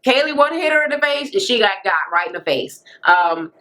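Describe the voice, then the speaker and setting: A young woman ranting through a casual reality TV recap, blunt and sassy, swearing freely and jumping into sudden high squeals. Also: big pitch swings, a little fast, a bit bright, poor audio. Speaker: vlogger reviewing reality TV.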